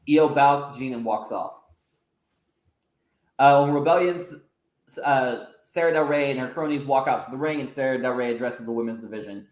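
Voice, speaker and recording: A man in a casual podcast narration, telling wrestling storylines and often pausing on filler sounds. His voice sits at a middling pitch, and the room gives it a noticeable echo. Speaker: podcast host. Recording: roomy echo.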